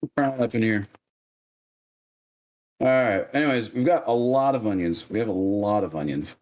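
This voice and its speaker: A man streaming from his home kitchen, chatting casually and joking at his own slow cooking. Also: on the low side, animated, darkish tone. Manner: joking, self-mocking, unhurried.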